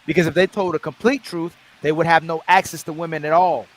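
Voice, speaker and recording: A man's voice: a little high, steady tone, brisk, heavy background noise. A young man hosting a casual debate, often restarting his words and nodding along. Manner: frequent agreeing interjections, repeats words when starting. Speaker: host.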